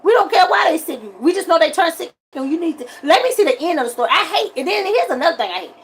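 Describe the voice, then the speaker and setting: A woman's voice: very high voice, fast talker. Woman ranting animatedly on a livestream. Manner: animated, repetitive complaining, rising to shouts. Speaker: livestream host. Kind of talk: casual ranting monologue.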